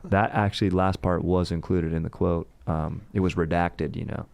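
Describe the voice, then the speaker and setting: A man's voice: low-pitched, fairly even intonation, moderate pace, creaky, darkish tone. A man hosting a comedic history podcast, telling it in a rambling, joking and profane way. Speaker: podcast host. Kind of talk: casual comedic history talk.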